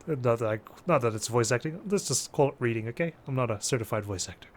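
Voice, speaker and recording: Animated man playing a video game. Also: medium pitch, fast, few pauses. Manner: animated, reacting with exclamations and laughs. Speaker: let's play host. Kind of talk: casual gameplay commentary.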